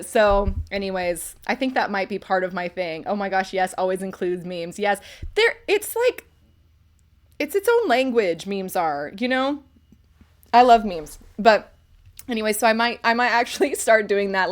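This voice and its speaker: A woman hosting a casual livestream where she reviews books, talking in a chatty, rambling way and laughing often. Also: mid-range voice. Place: home computer setup.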